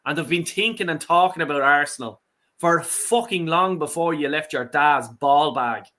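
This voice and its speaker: A man's voice: on the high side, moderate pace, sharp tone. A man, co-hosting a fan channel, talking heatedly with many stumbling restarts. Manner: indignant, profane, stumbling restarts. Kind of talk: heated casual fan talk.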